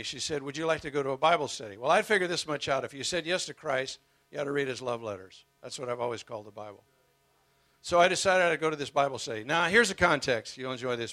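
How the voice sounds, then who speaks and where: Earnest bright-voiced older male preacher. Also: medium pitch, dry recording. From United States. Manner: earnest, emotional storytelling with laughs. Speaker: guest speaker. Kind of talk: sermon.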